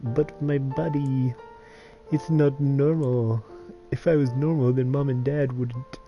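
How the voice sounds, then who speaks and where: A man voicing a grieving, self-loathing teenage girl in a high, halting, pleading voice. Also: steady tone, warm tone, dull audio, soft background music.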